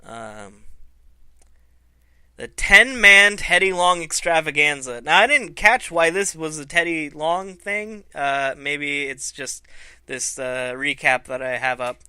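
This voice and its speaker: Slow, bright-voiced casual male vlogger. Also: fairly high pitch, clean tone, dry recording. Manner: loose, laughing, swears freely. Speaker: vlog host. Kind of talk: casual review vlog.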